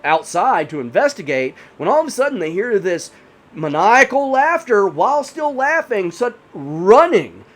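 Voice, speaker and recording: High, animated male horror storyteller. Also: moderate pace. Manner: rambling, many 'you know' fillers. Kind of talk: casual spoken horror storytelling.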